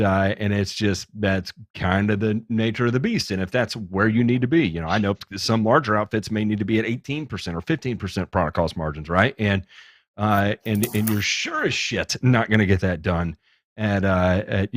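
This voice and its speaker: A man's voice: lowish voice, moderate pace, no echo, clean studio sound. A man hosting a podcast in casual chat, joking and teasing his guests and swearing freely. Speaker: podcast host.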